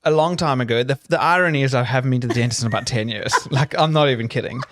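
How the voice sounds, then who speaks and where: A man's voice: mid-range voice, very fast, fairly bright tone. A man from South Africa co-hosting a podcast in a casual, joking chat with rambling asides. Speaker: podcast co-host.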